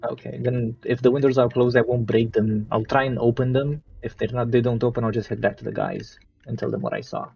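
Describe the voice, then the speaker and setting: A man talking casually as a player in a low-key, measured way. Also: steady tone, gravelly, soft background music. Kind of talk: casual tabletop chat. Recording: dull lo-fi mic.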